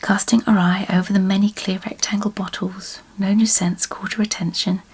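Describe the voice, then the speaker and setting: A woman reading a story aloud as an ASMR storyteller in a slow, soft whispered role-play. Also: mid-range voice, flat delivery, slightly rough.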